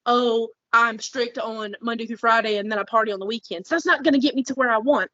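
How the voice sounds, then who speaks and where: A woman's voice: high voice, a bit bright, no room sound, muffled recording. A woman co-hosting a podcast, talking bluntly and heatedly in casual chat, with frequent swearing. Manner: blunt, fired-up, swears freely. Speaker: podcast co-host.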